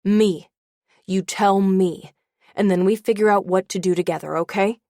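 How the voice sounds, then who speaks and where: A woman voicing a boy's loving father who speaks softly and reassuringly. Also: sits high, fairly even intonation, moderate pace, no echo, studio quality. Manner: soft, reassuring. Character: gentle, reassuring father of a boy.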